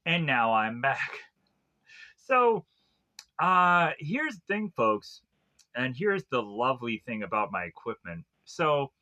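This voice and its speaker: A man's voice: mid-range voice, very animated, slow pace, pushed and bright. A man reviewing a TV series in a rambling casual way, looping back through fillers and restarts. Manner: meandering, heavy use of fillers and restarts. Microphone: tablet recording.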